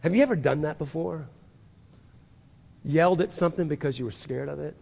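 A man preaching a sermon as pastor, emphatic, building to loud declarations and leading listeners to repeat after him. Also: a little high, fairly quick, vocal fry. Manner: leads listeners in call-and-repeat confessions. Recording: long reverb of a large hall.

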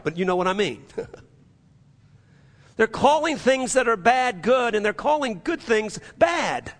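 A man's voice: high-pitched, a bit bright, in a large hall. A man preaching a sermon in a church, emphatic and repetitive, with frequent restarts. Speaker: pastor.

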